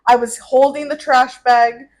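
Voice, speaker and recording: A woman's voice: high voice, fairly even intonation, a little slow. A woman in her twenties co-hosting a podcast, chiming in supportively with short agreements. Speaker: podcast co-host. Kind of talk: casual chat.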